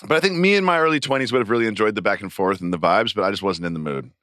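A man co-hosting a podcast, chatting casually and telling jokey, animated stories. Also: on the low side, very fast, dry recording, clean studio sound. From New York area. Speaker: podcast co-host. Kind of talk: casual chat.

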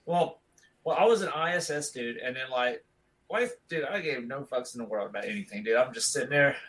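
A man's voice: mid-range voice, fairly quick, a bit bright, rough recording. A man in his thirties telling a long school story in casual chat, rambling and laid-back, with "dude" in almost every sentence.

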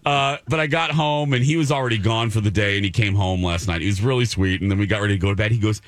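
A man's voice: lowish voice, fast, no echo. A middle-aged man co-hosting a radio show, chatting casually and acting out people's lines as he tells his stories. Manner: animated storyteller, acting out quotes in a raised voice. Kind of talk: casual chat.

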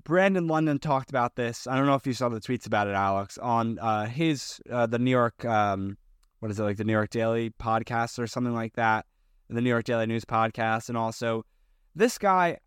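Man with a smooth, resonant voice. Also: mid-range voice, normal speed, dry recording, studio quality. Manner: rambling, with many fillers and restarts. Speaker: podcast co-host. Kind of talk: casual chat.

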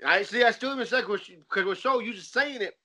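A man's voice: high voice, a little fast, pushed and bright. A man in his forties hosting a podcast, chatting casually and rambling through loose stories. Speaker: podcast host. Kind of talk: casual chat.

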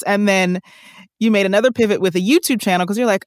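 A woman's voice: medium pitch, fast, no echo, clean studio sound. A woman hosting a podcast interview, encouraging her guest and recapping her story. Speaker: podcast host. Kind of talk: casual interview.

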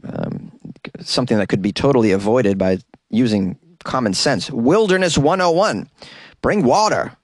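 A man hosting a comedy news podcast, delivering stories with wry asides and mock exasperation. His voice sits at a middling pitch, and the recording is very dry, made in a closet. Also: expressive, moderate pace, no room sound.

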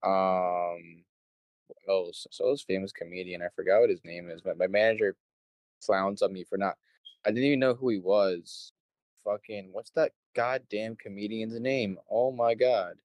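A young man with a lowish voice tells loose, rambling stories and swears freely. He acts out what people said as he goes. The mic is close and dry. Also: fairly even intonation, moderate pace, darkish tone, dry recording. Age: young adult. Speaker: interview guest, show promoter. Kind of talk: casual conversation.

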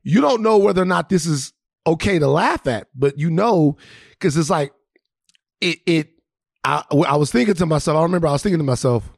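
A man from Louisiana co-hosting a podcast and telling a story in casual, profane, animated chat with many restarts. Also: fairly high pitch, fairly quick, vocal fry, no room sound, studio quality. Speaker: podcast co-host.

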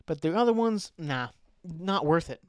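A man's voice: fairly high pitch, animated, normal speed, clear, resonant tone, no room sound. A man hosting a casual solo podcast, rambling loosely, swearing offhand and often trailing off. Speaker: podcast host.

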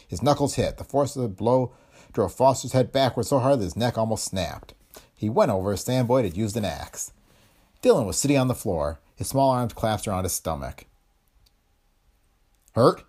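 A man narrating a pulp detective story in an expressive, dramatic storytelling manner. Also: fairly low pitch, husky.

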